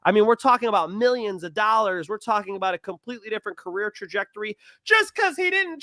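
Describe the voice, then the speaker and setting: A young man co-hosting a casual sports betting talk show, blunt and animated, swearing and getting loud when worked up. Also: sits high, fast, few pauses, dry recording, studio quality. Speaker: MMA podcast co-host.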